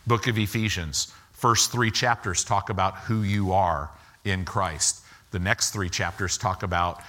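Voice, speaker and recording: A man preaching a sermon as pastor, slowing for emphasis and acting out quoted lines with rising and falling pitch. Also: fairly even intonation, sharp tone. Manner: slow deliberate emphasis.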